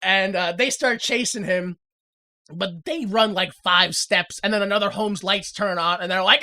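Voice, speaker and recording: A woman co-hosting a casual podcast, recapping a TV episode and acting out the characters in loud, exaggerated voices. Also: medium pitch, normal speed. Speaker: podcast co-host.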